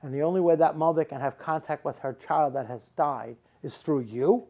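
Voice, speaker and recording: A man's voice: fairly high pitch, normal speed, lo-fi sound. A middle-aged man, a psychic medium giving readings to a live audience, who rambles and repeats words for emphasis.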